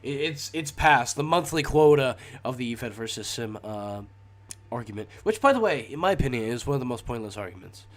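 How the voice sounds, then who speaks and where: A young man hosts a relaxed solo podcast in a stuffy, congested voice left over from a cold. His pitch sits at an ordinary middle level. He rambles along, stopping often to hesitate and restart his sentences. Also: a little fast. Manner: rambling, hesitant, many filler sounds and restarts. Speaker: podcast host. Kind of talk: casual solo podcast chat.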